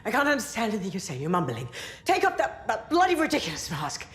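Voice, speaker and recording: A woman's voice: mid-range voice, wildly swooping pitch, fast talker. An actress playing an impatient older woman detective who snaps at someone in an echoey scene. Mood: exasperated. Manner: snapping, impatient. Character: exasperated older woman detective, sharp-tongued.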